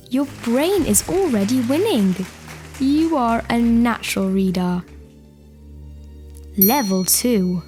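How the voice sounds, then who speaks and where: Female reading teacher for preschoolers: patient, affirming, mid-pitched, very slow delivery. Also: darkish tone. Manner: encouraging, affirming, speaks directly to the child. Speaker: reading teacher for young children. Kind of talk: guided children's reading lesson.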